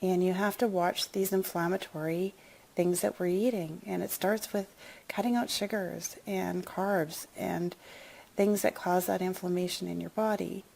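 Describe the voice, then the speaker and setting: A middle-aged woman shares a personal story in a confiding, emotional way, then pitches wellness products in an upbeat, chatty tone. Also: fairly even intonation, a little slow, vocal fry, darkish tone.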